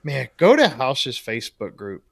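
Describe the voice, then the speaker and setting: A man with an ordinary mid-range voice co-hosts a relaxed podcast. He rambles easily, restarts his sentences and often breaks into laughter. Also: mid-range voice, normal speed, vocal fry, a crowd in the background. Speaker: podcast co-host. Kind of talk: casual chat.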